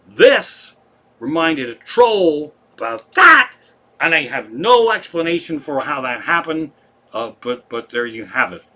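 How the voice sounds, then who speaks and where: A man's voice: a little high, big pitch swings, measured pace, pushed and bright. A man hosting a comedy live stream from home, telling rambling, profane stories in casual chat.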